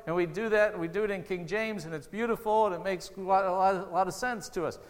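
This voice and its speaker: A man preaches a sermon, earnest and conversational, pushing up into emotional peaks. His voice sits a little high for a man. It rings with the long reverb of a church hall. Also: steady tone, brisk, few pauses. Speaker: pastor.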